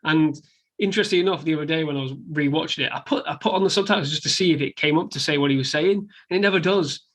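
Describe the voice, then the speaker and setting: A man in casual podcast chat about a film, animated and sweary, acting out lines from scenes. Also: a little high, very fast. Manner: animated, swears freely, acts out quotes. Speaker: podcast co-host.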